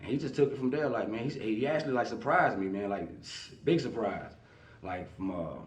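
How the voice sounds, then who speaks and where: Fast-talking man in an echoey room. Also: on the low side, far from the mic. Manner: relaxed, rambling, many fillers like "you know what I mean". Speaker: artist manager, guest. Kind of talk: casual interview talk.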